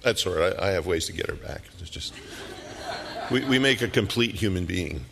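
A middle-aged man preaching a sermon, telling the story dramatically and dropping at times to hushed whispers. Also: sits low, expressive, moderate pace, gravelly, big-room sound, background noise.

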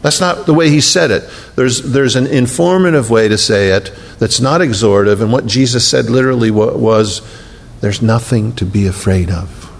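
A man's voice: normal speed, vocal fry, few pauses. Man preaching in a reverberant hall. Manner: swings from raised, emphatic preaching to low, hushed tenderness. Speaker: pastor. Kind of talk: sermon. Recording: long hall reverb, faint rumble.

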